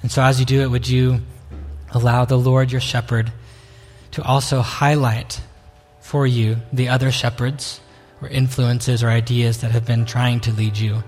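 A man preaching a sermon as pastor, slow and reflective, pausing to invite listeners in. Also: mid-range voice, level tone, a little mellow. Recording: long reverb of a hall.

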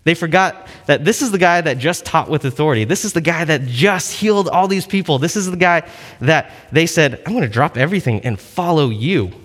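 A man's voice: a little high, lively intonation, brisk, a bit bright, in a large hall. A man preaching a casual sermon, telling a story in a chatty, conversational way full of fillers.

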